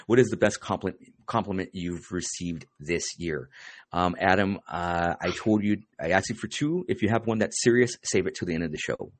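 A man with a very low voice hosts a podcast in an easygoing, casual way. He drops "dude" often and fills his pauses with "um" and "uh". The sound is close and dry, with no room around it. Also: no room sound. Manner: laid-back, says "dude" a lot, many fillers. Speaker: podcast host.

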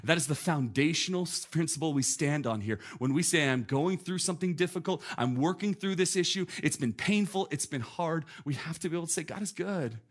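A man in his thirties preaching a sermon, telling a story with animated, emphatic delivery and repeated phrases. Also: on the high side, fairly quick, hardly any pauses. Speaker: pastor.

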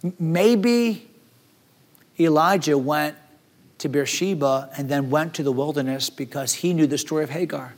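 Pastor preaching, high and dramatic. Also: male voice, normal speed. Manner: dramatic, acts out despairing voices. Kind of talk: sermon.

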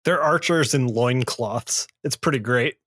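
A man co-hosting a casual comics podcast, playful and quick to joke. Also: medium pitch, fairly bright tone, no echo, studio quality. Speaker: podcast co-host. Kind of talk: casual chat about comics.

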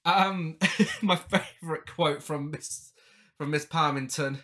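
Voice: medium pitch, slow pace, fairly bright tone. A person co-hosting a casual film chat, laughing often and swearing freely. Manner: giggly, sweary, frequent laughter. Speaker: podcast co-host.

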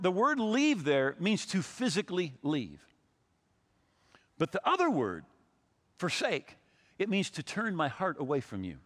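Older guy in his 60s preaching, high animated voice, tells stories, stumbles and repeats himself, church echo. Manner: storytelling preacher, repeats words, acts out quotes. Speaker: pastor. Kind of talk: sermon.

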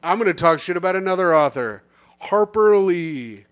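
A man's voice: high voice, animated, normal speed, a bit bright. A man co-hosting a comedy podcast, trading crude, profane banter in a brash, mock-ranting manner. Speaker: podcast co-host.

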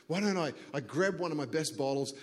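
A man putting on a booming old Hungarian winemaker. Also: lively intonation, brisk, natural voice. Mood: hospitable. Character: gregarious older Hungarian grandfather winemaker, man. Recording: long church hall reverb.

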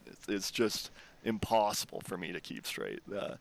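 Canadian guy on a podcast, kinda low voice, rambly, swears a lot, just chatting. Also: big pitch swings, normal speed, creaky. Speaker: podcast co-host. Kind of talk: casual chat.

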